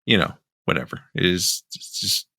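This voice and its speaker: A man's voice: low-pitched, lively intonation, normal speed, sharp tone. A man on a podcast as a guest, chatting casually, rambling and laughing often. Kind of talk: casual chat.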